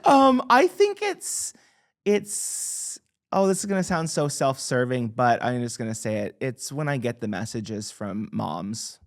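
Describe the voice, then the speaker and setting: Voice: mid-range voice, unhurried. A guest author talking casually in an interview, joking at their own expense and laughing often. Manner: animated, self-deprecating humor, laughs often. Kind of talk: conversational interview.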